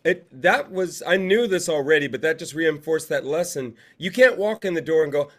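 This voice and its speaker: Storytelling male co-host, fairly high voice. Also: lively intonation, normal speed, fairly bright tone. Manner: anecdotal storyteller. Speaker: co-host, theater director. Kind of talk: casual video-call conversation. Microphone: video call.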